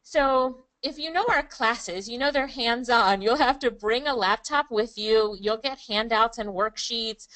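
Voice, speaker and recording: A woman's voice: a little high, measured pace, hardly any pauses, a bit bright, no room sound, low-quality recording. A woman presenting a live online class in an upbeat, chatty way, calling on viewers by name. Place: Kingston, Jamaica.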